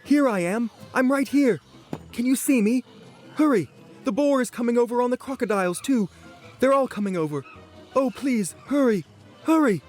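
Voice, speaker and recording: Brief: frantic young dragon, high and urgent, put on by a male storyteller, soft music under. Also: animated, normal speed. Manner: high, urgent, breathless pleading.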